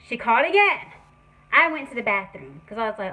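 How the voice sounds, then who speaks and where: A young woman telling a story on her vlog, animated and profane in a casual way. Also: on the high side, brisk, low-quality recording. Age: young adult. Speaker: vlogger.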